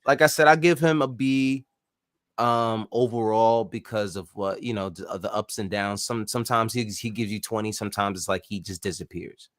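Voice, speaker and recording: A man's voice: on the low side, fairly even intonation, moderate pace, a bit bright, no echo, clean studio sound. A man co-hosting a casual sports podcast, laid-back and hesitant with many fillers. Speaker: podcast co-host.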